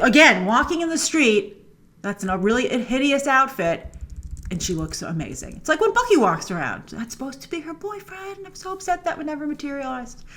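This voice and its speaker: A woman's voice: fairly high pitch, sharp tone. A woman hosting a film review show, chatting enthusiastically through a trailer breakdown with frequent fillers. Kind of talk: casual trailer breakdown commentary.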